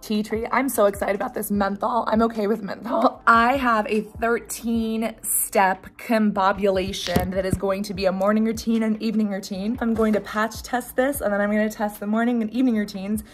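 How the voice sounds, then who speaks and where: A young woman who is sick and congested, chatting excitedly in a casual unboxing vlog. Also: medium pitch, moderate pace, hardly any pauses. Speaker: beauty vlogger.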